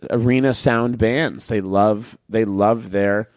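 A man co-hosting a podcast in casual chat, talkative and laughing often, dropping into quick voice impressions. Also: lowish voice, steady tone, no room sound, clean studio sound. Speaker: podcast co-host.

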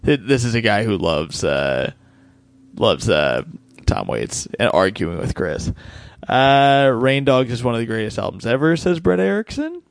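A man hosting a podcast in easygoing chat, joking crudely and reading out comments with a laugh. His voice sits at an everyday middle pitch. The sound is dry and close, with no room around it. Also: sing-song, a little slow, creaky, no echo. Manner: joking, profane, reads listener comments aloud. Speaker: podcast host. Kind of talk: casual chat.

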